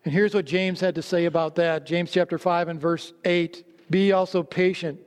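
A man preaching a sermon, telling stories and dropping low and slow to stress his points. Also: fairly even intonation, smooth. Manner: storytelling, drops low and slow for emphasis. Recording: long hall reverb.

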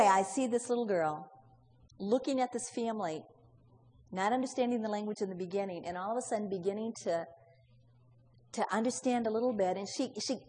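A woman preaches, telling a story and putting question after question to her listeners, now and then voicing its characters. Her voice sits fairly high and rings out into a long hall reverb. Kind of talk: storytelling sermon.

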